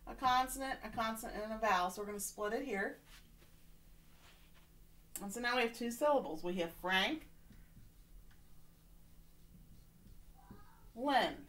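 A woman's voice: a little high, brisk, pauses often, fairly bright tone. A woman teacher giving a remote reading lesson to children, patient and encouraging, often checking in with "okay?".

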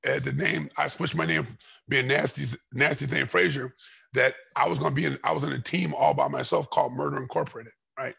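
A middle-aged man, a former fighter, telling a rambling story in a podcast interview and getting loud and heated as it goes. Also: mid-range voice, fairly quick, vocal fry, husky. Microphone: podcast microphone.

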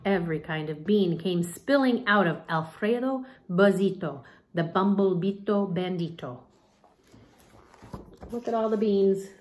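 A teacher reading a picture book aloud at home, expressive, stopping to explain words. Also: female voice, medium pitch, unhurried.

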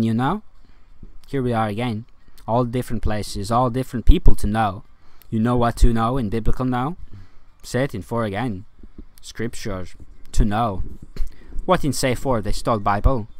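A man rambling in a monologue to his viewers, ranting and swinging from loud to quiet. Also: on the low side, dry recording. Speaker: vlogger.

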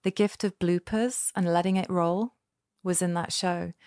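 A woman guest performer chatting casually in an interview, animated and playful. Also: lowish voice, measured pace, smooth, dry recording, studio quality. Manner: animated, playful, breaks into character voices.

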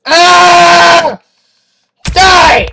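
A young man commenting on his own gameplay, loud and excitable with frequent yelling outbursts. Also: very high voice, very slow, gravelly. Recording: noisy home mic.

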